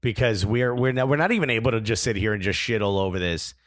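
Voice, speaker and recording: A man's voice: lowish voice, fast talker, no room sound, studio quality. A man co-hosting a podcast in casual chat, earnest and emphatic, with some self-deprecating humor. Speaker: podcast co-host.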